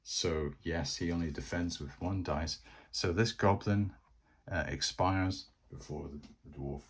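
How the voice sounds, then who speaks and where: A man's voice: low voice, unhurried, breathy edge. A man narrating a solo board game, chatty and thinking aloud as he plays.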